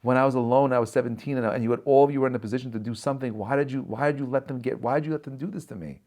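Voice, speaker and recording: A wounded man turns on his brothers and presses them with pleading, reproachful questions, as a man acts him out in a talk. His voice sits at an ordinary middle pitch and does not go far from the speaker's own. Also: fairly even intonation, rapid-fire, a little mellow, close to an everyday voice.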